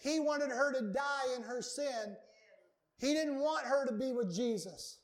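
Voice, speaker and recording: A man's voice: extremely high pitch, a little slow. A male pastor preaching a sermon to his congregation, earnest and emphatic, repeating key words for weight. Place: church sanctuary.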